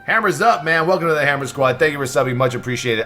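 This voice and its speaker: Hyped-up streamer dude, kinda high voice, stressed out, faint music behind. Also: male voice. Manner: excitable, stressed, swears, thanks subscribers rapidly. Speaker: livestream host. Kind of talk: live reaction stream chatter.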